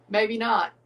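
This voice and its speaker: A man's voice: high-pitched, vocal fry, a bit bright, recorded from a distance. An American man, chuckling and rambling through casual live commentary while reacting to a soccer match. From United States.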